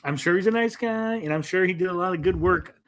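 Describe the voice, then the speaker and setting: High-voiced man rambling casually. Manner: rambling, many restarts and "like" fillers; acts out people in quick quoted voices. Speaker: podcast co-host. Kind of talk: casual chat on a livestream.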